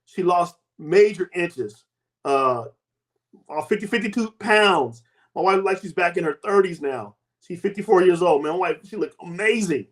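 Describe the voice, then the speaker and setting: Man in his fifties, high voice, animated storytelling host, emphatic swoops. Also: moderate pace. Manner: emphatic, with big swoops in pitch and loudness. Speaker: host and health coach.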